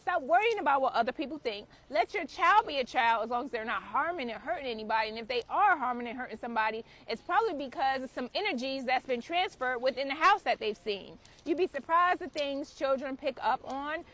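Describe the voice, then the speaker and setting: A woman with a high-pitched voice delivers a blunt, preachy spiritual talk straight to camera. She swears freely as she lectures her viewers. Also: animated, fairly quick, hardly any pauses, fairly bright tone. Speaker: spiritual author and channel host.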